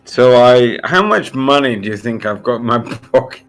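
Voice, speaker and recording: A man's voice: mid-range voice, animated, normal speed, soft background music. Man playing a tabletop game. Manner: declaring actions, then speaking in character. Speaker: player.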